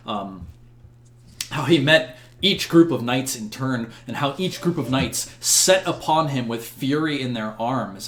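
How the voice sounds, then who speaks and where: Man narrating as game master. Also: mid-range voice. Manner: filler-heavy, descriptive.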